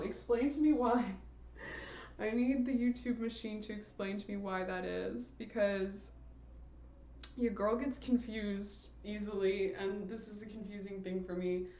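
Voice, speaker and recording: A woman's voice: medium pitch, dull audio. A young woman streamer chatting in a playful, rambling way full of slang and laughter, recorded in her bedroom. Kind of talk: casual rambling livestream chat. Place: bedroom with a large window. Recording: echoey room.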